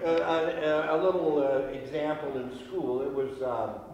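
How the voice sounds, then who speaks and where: A man's voice: a little high, steady tone, measured pace, a little mellow. A man telling jokes to friends, in a loose, chatty storytelling manner. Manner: loose storytelling, laughs at his own punchlines. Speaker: comedian. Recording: echoey room with long reverb, faint ambience.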